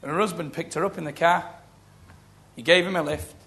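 A middle-aged man preaching a sermon, telling stories with lively quoted voices. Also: a little high, fairly quick, vocal fry. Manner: storytelling, animated, acting out quoted voices. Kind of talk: sermon with testimony.

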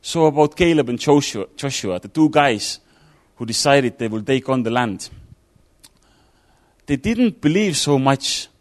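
Conversational man preaching, mid-pitched voice. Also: expressive, measured pace. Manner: conversational, thinking aloud with fillers and restarts. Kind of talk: informal sermon.

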